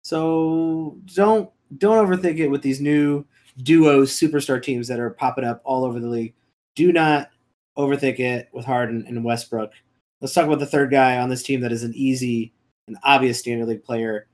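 Man, podcast co-host, casual sports talk, emphatic, repeats himself, mid pitch. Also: fairly even intonation, moderate pace, a little mellow. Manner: emphatic, repeats points, many fillers. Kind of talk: casual fantasy basketball chat.

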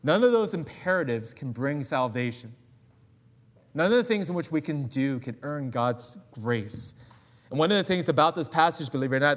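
Animated man preaching a conversational sermon. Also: fairly high pitch. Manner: animated and conversational, with personal asides. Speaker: guest pastor.

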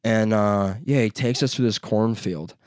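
A man's voice: on the low side, unhurried, a little mellow, dry recording, clean studio sound. Rambling man hosting a podcast. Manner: rambling, heavy on fillers, mimics people he describes. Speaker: podcast host. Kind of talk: casual storytelling chat.

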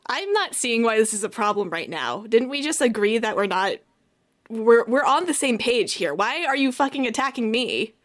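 A woman's voice: on the high side, very animated, moderate pace. A woman playing a tabletop role-playing game who swears often and sounds sarcastic. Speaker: player. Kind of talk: tabletop role-play, casual chat.

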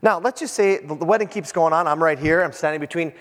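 Man pastor, fairly high voice, lively storytelling sermon, long church reverb. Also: quick pace. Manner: animated, joking, acts out scenes. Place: church sanctuary.

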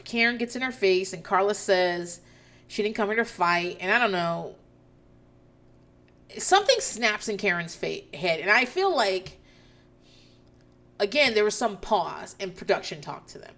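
A woman's voice: mid-range voice, animated, unhurried, long pauses, a bit bright. A woman casually recapping a reality show episode, profane and incredulous as she tells the story.

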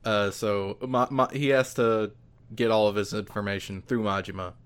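A man's voice: on the low side, moderate pace, clean tone. Man, podcast co-host, casual chat, laid-back, filler-heavy. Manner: relaxed, loose, filler-heavy.

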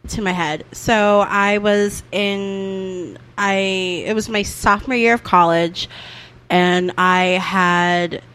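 A young woman co-hosting a podcast, telling lively family stories, laughing often and swearing casually. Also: medium pitch, slow, clean tone. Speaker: podcast co-host. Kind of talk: casual chat.

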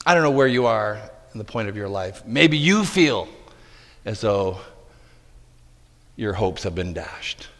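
A man preaching a sermon, dramatic, acting out the disciples' disbelief and dropping to quiet intensity. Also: lowish voice, very animated, unhurried, long pauses. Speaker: pastor. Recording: long hall reverb.

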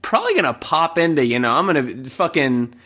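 A man's voice: a little high, big pitch swings, fairly quick, bright, forceful tone, breathy edge. A man in his twenties co-hosting a podcast, chatting casually, swearing freely and laughing often. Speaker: podcast co-host. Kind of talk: casual chat.

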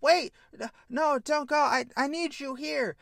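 A needy, insecure younger brother with a voice pushed up high and thin, as a man puts him on. he stammers and pleads, always unsure of himself. the sound is dry and close. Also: big pitch swings, moderate pace, a bit bright, no room sound. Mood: pleading.

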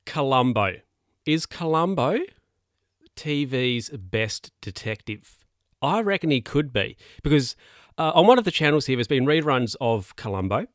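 A man's voice: on the low side, fairly bright tone, dry recording, clean studio sound. Chatty man telling a rambling story. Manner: rambling, chatty, laughs at his own stories. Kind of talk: casual monologue storytelling.

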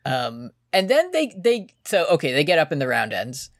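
A man's voice: on the high side, moderate pace, dry recording. Man recapping an anime, dry close mic. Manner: animated retelling, acting out characters' lines. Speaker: podcast co-host. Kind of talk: casual recap chat.

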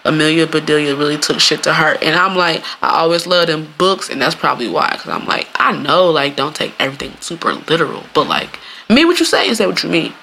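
A podcast host in a casual solo monologue, animated and swearing freely, often laughing and acting out quoted lines in playful voices. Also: mid-range voice, a little fast, vocal fry, hardly any pauses, a little hiss or hum.

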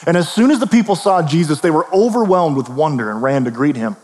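A man preaching a sermon as pastor, casual and storytelling, tossing in quick asides and questions to the listeners. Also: fairly high pitch, expressive, a little mellow. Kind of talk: conversational sermon. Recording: long reverb of a large hall.

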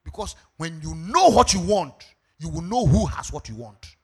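A male pastor with a Ghanaian accent preaching a sermon, animated, breaking into sung phrases and shouts. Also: a little high, moderate pace, slightly rough.

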